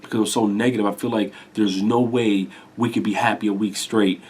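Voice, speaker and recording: A man in his twenties with a congested voice and low energy, talking candidly to camera in a rambling, confessional way and swearing casually. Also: level tone, a little fast, a little mellow, breathy edge. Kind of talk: candid personal talk.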